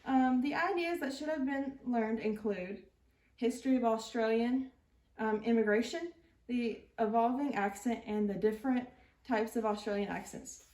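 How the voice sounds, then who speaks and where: A woman's voice: a little high, normal speed, a little mellow, recorded from a distance. A young woman reading a class presentation, hesitant, with many ums and restarts. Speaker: student presenter. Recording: roomy echo, a little off mic.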